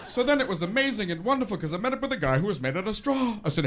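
A man doing a stand-up routine, riffing fast and manically and jumping into impressions, on a comedy club stage. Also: high voice, sing-song. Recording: noisy live stand-up recording.

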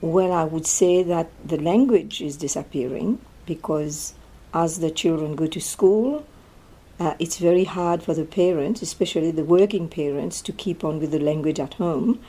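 A woman's voice: low-pitched, moderate pace, dark tone, breathy edge. An older woman, answering interview questions in a thoughtful, hesitant way with frequent fillers. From Mauritius.

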